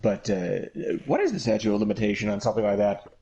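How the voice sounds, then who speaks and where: A man's voice: fairly low pitch, fast, mellow, dull audio. A man chatting casually and joking about himself while playing a game with a friend. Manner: joking, self-mocking. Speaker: co-player. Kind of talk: casual gaming chat.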